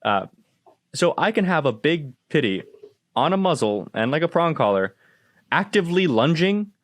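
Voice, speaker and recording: Profane, animated male podcast host. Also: a little high, moderate pace, no echo. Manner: animated storyteller, profane, acts out exchanges. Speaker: podcast host, dog trainer. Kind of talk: casual podcast chat.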